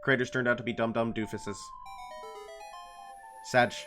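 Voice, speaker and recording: A man's voice: medium pitch, flat delivery, a little slow, over music. A man casually chatting while streaming a video game, rambling and playful, slipping into silly voices. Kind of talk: casual gameplay commentary.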